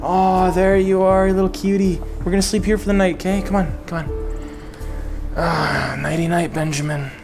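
Brief: playful young gamer, high voice, casual swearing. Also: male voice, steady tone, moderate pace, music in the background. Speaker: gaming video creator. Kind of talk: playing a VR game on camera, joking commentary.

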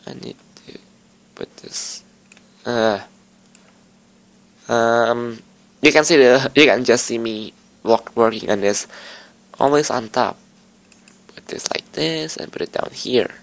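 A man's voice: mid-range voice, gravelly, fairly bright tone. A young man hosting a game playthrough, rambling and swearing as he fiddles with his setup. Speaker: lets-play host. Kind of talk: casual game commentary.

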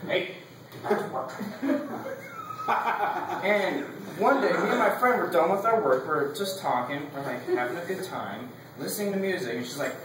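A man's voice: fairly high pitch, expressive, fairly quick, hardly any pauses, very echoey, far from the mic, noisy background. Rambling young man giving a class speech. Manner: rambling, laughs between points, lots of "like".

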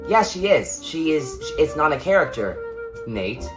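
A young man doing a comedic vlog monologue on his phone, mock-serious and dramatic, dropping between loud outbursts and hushed asides. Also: fairly high pitch, sing-song, a little slow, music in the background. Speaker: comedy vlogger.

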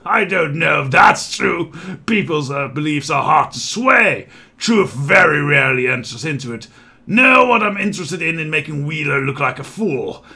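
A man puts on a brooding male half-orc rebel leader from a video game, gravelly and grand. He sounds bright and edged and pitched a little high. He speaks in formal, old-fashioned phrases. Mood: scheming.

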